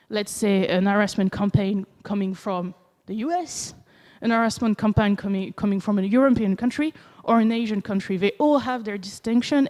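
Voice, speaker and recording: A woman from France with a French accent, giving a conference talk, animated and acting out quoted reactions with many fillers. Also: medium pitch, long reverb tail. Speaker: conference speaker. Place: conference hall.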